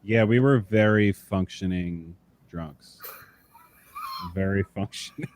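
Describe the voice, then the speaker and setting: Guy with a lowish voice, cussing a lot, telling tour stories and doing everyone's voices. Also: slow pace, no echo. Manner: animated storyteller, swears freely, acts out voices. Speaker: podcast guest, tattoo artist.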